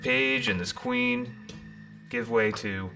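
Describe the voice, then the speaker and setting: A man hosting a live-streamed tarot reading, theatrical and rambling, with loud bursts, muttered asides and many restarts. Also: lowish voice, slow, faint music behind. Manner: rambling with frequent restarts and fillers.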